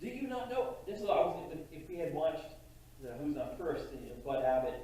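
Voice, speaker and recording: Male pastor, sermon, conversational with restarts, raised pitch, distant mic, roomy church echo. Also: warm tone, slight background noise. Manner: conversational, halting preaching with frequent restarts. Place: church sanctuary.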